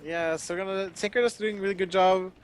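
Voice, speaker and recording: A man doing excitable, casual esports commentary, laughing often and using lots of fillers. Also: high-pitched, fast talker, crowd noise.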